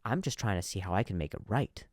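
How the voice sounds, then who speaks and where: A man's voice: on the low side, animated, fast talker, no echo, clean studio sound. Stuttering man telling comic stories. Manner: stutters, frequent repeated words and restarts. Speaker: podcast host and comedian. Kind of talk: comedic storytelling monologue.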